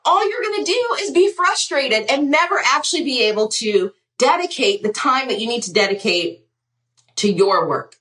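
A woman's voice: high-pitched, lively intonation, moderate pace, fairly bright tone, distant mic. A woman hosting a career advice talk, frank and sassy, asking rhetorical questions and acting out what people say. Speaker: podcast host giving career advice. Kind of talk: candid advice monologue.

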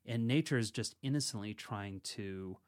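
A man's voice: on the low side, normal speed, darkish tone. A man co-hosting a podcast and teaching meditation in casual chat, rambling and self-correcting, laughing easily.

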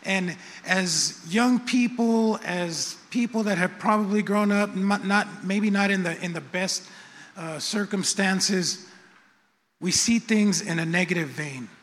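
A middle-aged pastor gives a slow sermon in a church sanctuary, his high voice fairly bright in tone. He stays conversational and repetitive, often making light of himself, while the hall's long reverb fills the recording.

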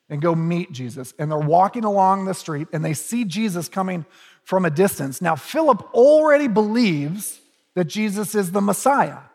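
Male pastor, casual storytelling sermon, husky voice, echoey church hall. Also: high voice, a little mellow. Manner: conversational storytelling with humorous asides.

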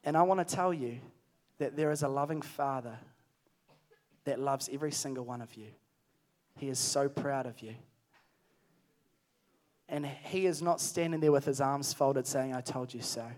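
A man's voice: medium pitch, normal speed, long pauses, darkish tone. A man preaching at a youth camp, telling a story earnestly and then calling energetically to the crowd. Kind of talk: sermon. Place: large hall at a camp.

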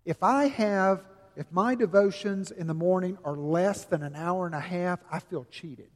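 An older man preaching a sermon, earnest and folksy, telling stories with slow, emphatic stretches. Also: high-pitched. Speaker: pastor. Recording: long reverb of a large hall.

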